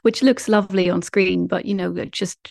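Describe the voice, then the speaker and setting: A woman's voice: mid-range voice, fairly even intonation, normal speed, vocal fry, a little mellow, dry recording. Trained British-Irish accented woman, dry mic. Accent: mixed Northern Irish and English, trained standard British. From Northern Ireland. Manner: articulate, self-deprecating, laughs often. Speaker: guest actress. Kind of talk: casual podcast chat.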